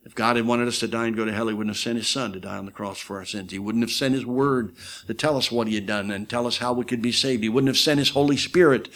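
A man preaching a sermon, telling stories dramatically, swinging loud for quoted voices and dropping low for emphasis. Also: steady tone, fast talker.

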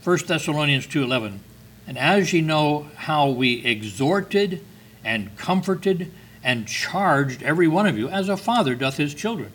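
A man's voice: a little high, lively intonation, unhurried, fairly bright tone, breathy edge, poor audio. An older man preaching a sermon, reading scripture with earnest, emphatic stresses.

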